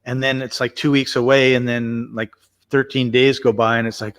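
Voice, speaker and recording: A man's voice: medium pitch, level tone, normal speed, fairly bright tone. A man chatting casually as co-host, telling a rambling story with lots of restarts. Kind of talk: casual conversational chat.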